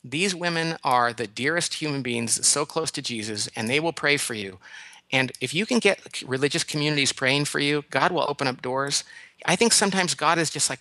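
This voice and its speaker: A man giving a caller advice in an animated, emphatic way, telling stories and acting out other people's lines. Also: a little high, normal speed, dry recording. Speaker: guest advice-giver, management consultant. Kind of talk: radio call-in advice.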